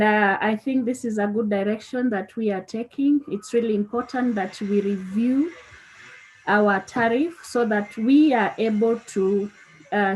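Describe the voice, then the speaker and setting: A woman's voice: medium pitch, husky, rough recording. A woman director giving formal remarks over an online link, hesitant, with many fillers. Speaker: company director. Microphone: remote online link.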